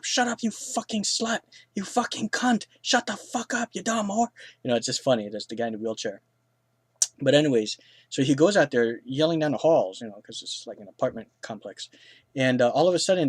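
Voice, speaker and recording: A man's voice: medium pitch, dry recording. A man reviewing films in casual, rambling speech, full of fillers, restarts and blunt crude remarks. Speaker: film reviewer. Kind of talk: casual spoken film review.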